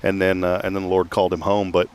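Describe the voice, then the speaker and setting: Host, man, lowish voice, chatty and self-mocking, live outdoor fundraiser. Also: monotone, fast, a little mellow, clean tone. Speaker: host of a local fundraiser show. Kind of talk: casual live chat. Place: outdoor parking lot event.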